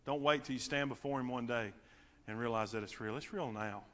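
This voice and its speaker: Preacher in a reverberant church. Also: male voice, mid-range voice, a little fast. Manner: swings from shouting to quiet, intimate near-whisper. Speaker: pastor. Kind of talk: sermon. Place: church sanctuary.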